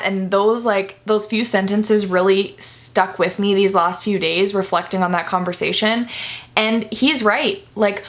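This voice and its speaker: A woman's voice: medium pitch, a bit bright. A young woman talking to camera in a candid personal vlog, earnest and confessional, near tears at times. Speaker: vlogger.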